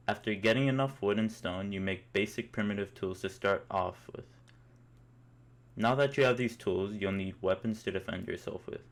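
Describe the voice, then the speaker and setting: Young man, amused mock-epic storyteller. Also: fairly low pitch. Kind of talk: second-person comic storytelling.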